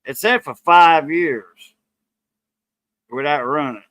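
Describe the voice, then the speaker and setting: Hosting a laid-back chat, a man with a Cajun accent tells wandering, folksy stories and laughs along the way. He takes his time, speaking in a fairly high and fairly bright voice with no room sound.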